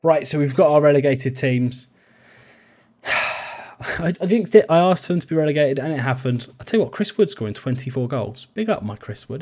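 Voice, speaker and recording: A man's voice: medium pitch, a little mellow. A young man giving chatty, jokey commentary on a football management game, often laughing. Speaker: video game YouTuber. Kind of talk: casual gameplay commentary.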